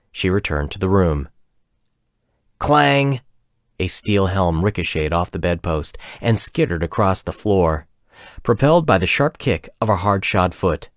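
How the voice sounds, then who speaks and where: Low-voiced male audiobook narrator. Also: no room sound, studio quality. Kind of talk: scripted fantasy narration.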